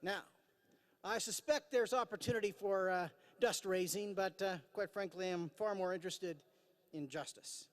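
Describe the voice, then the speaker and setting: A man's voice: high voice, moderate pace. A man in his fifties giving a formal commencement address from a podium. He talks earnestly with dry self-deprecating humor and frequent "uh" fillers. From Idaho, USA. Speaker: commencement speaker. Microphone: podium microphone. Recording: long hall reverb.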